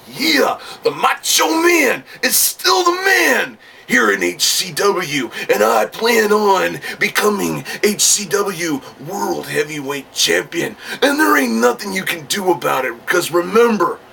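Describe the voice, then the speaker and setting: A boastful pro wrestler drawls out his threats slowly in a raised, bright voice, as a man puts him on. The words stretch out with swaggering growls. The voice sits a little far from the mic. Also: high-pitched, creaky, slight background noise, pitched above the performer's own voice, heavily acted. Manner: drawling, slow, cocky, with catchphrase growls. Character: boastful male pro wrestler cutting a promo.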